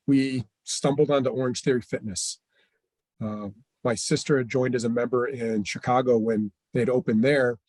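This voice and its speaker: A middle-aged man telling stories in an interview, who acts out the lines of the people in them with lively changes of voice. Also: mid-range voice, no room sound. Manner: animated, acts out quoted dialogue. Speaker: franchise owner guest. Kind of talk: storytelling interview chat.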